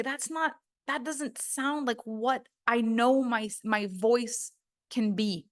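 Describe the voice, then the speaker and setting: A woman's voice: medium pitch, fairly bright tone. Emphatic woman voice coach. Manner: earnest, emphatic, acts out students' inner voices. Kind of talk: online course teaching.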